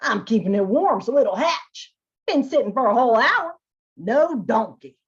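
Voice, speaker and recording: A woman playing a cranky old storybook bear, lazy and stubborn, insisting gruffly and bouncing up and down in pitch. the recording sounds dull and lo-fi. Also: very animated, unhurried.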